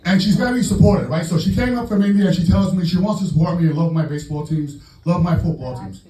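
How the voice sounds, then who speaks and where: A man doing a stand-up set in a comedy club, brash and profane with loud punchlines. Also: sits high, fast. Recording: roomy club sound from far off with crowd. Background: audience laughing.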